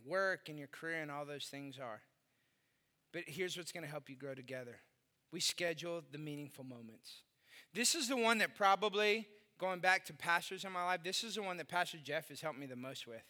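A middle-aged man preaching a sermon as a pastor, telling funny stories from his marriage and breaking into shouts now and then. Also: high voice, big-room sound. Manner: animated humorous storytelling, bursts into shouting.

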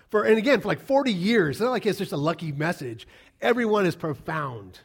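A man with a fairly high voice preaches a sermon. He is animated, pressing his listeners with rhetorical questions. His loud, emphatic lines give way to quieter, lower asides. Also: quick pace, breathy edge. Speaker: pastor.

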